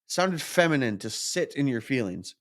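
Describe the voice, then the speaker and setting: A man's voice: medium pitch, very animated, moderate pace. A man, a podcast host, telling a personal story in a candid, self-reflective monologue, openly frustrated and swearing at times.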